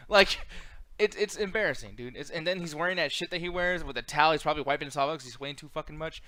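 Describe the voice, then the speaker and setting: A profane man rants through a casual wrestling chat as co-host. His voice sits fairly high for a man and is recorded dry and close. He slides into mocking impressions mid-rant. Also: rapid-fire, bright, forceful tone, no room sound.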